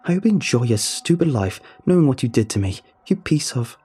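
A man's voice: mid-range voice, measured pace, creaky, dark tone, slightly rough, dry recording, voice pushed up, heavily acted. A man doing a frantic, tearful young woman. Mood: desperate. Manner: frantic, on the verge of tears, screaming. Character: frightened, desperate young woman.

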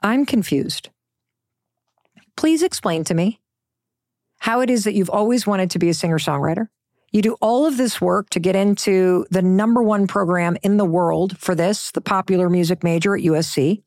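A woman's voice: fairly low pitch, fairly quick, darkish tone, no room sound, studio quality. A middle-aged woman giving a motivational talk, emphatic and conversational, sometimes dropping into a whisper for effect. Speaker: motivational speaker.

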